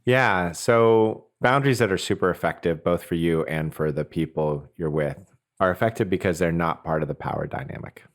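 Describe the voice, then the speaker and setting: A man with an extremely deep voice hosts a podcast conversation. He talks earnestly and reflectively, working his ideas out aloud with small restarts as he goes. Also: moderate pace. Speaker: podcast host.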